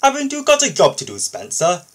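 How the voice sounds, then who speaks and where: A man voicing a busy, kindly male engine who runs a repair works, speaking briskly and firmly. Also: mid-range voice, big pitch swings, breathy edge. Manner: brisk, firm but kind.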